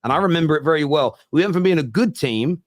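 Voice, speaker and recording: A man hosting a football fan show, reacting fast to viewer comments in casual discussion. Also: on the high side, animated, dry recording, studio quality.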